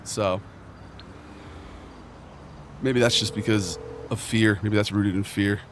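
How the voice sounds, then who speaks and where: A man's voice: on the low side, steady tone, takes it slowly, noisy background. A man streaming a game, chatting casually in a rambling, joking bro manner with mock earnestness. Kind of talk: casual chat while playing a game.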